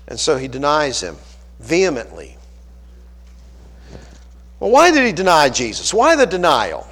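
A man's voice: on the high side, wildly swooping pitch, unhurried, long pauses, fairly bright tone, big-room sound. A man from Pittsburgh, a pastor preaching a folksy sermon full of rhetorical questions.

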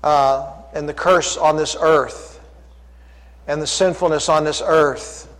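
High-voiced preacher in a reverberant hall. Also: male voice, steady tone, takes it slowly, a bit bright. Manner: emphatic, firing rhetorical questions. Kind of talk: sermon.

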